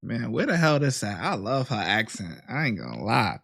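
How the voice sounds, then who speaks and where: A man's voice: lowish voice, wildly swooping pitch, moderate pace, gravelly, noisy background. A man hosting a reaction video, giving laid-back, slangy commentary and laughing often. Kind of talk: casual commentary on bodycam footage.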